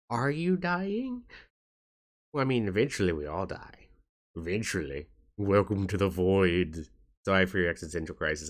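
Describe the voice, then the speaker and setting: A man vlogging to his viewers in a soft, halting way, tired and in pain. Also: sits low. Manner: soft-spoken, halting, with frequent restarts. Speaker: YouTuber. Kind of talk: casual talk to camera.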